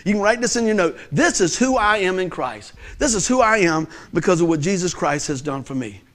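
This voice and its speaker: Male pastor, middle-aged, high-pitched, animated sermon delivery with loud bursts and soft asides. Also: brisk. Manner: animated storytelling with laughter and loud peaks.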